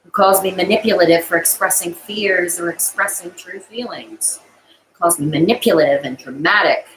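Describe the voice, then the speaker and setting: A woman with a lowish, slightly bright voice speaks at normal speed on a rough recording with a little hiss or hum. Her live-stream monologue to her chat is emotional, rambling, and distraught, sometimes tearful, with bitter laughs between thoughts.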